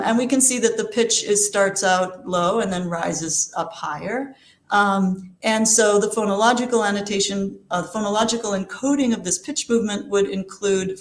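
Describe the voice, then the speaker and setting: A woman's voice: mid-range voice, reverberant. A woman giving an academic lecture, explaining steadily with frequent fillers and restarts. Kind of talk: academic talk.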